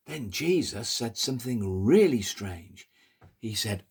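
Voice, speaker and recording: A man telling a Bible story to toddlers in an animated, sing-song way, coaxing the children to pull faces. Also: lowish voice, unhurried, husky.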